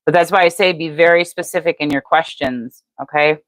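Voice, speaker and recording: An older woman gives a live-stream tarot reading in a low, fairly flat voice. She talks to her viewers by name in a plain, matter-of-fact way. The sound is dry and close, with no room echo. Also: brisk. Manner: even, matter-of-fact delivery. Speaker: tarot reader.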